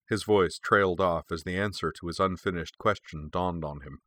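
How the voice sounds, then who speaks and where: A man narrating an audiobook in a measured, expressive reading. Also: deep voice, dry recording, studio quality.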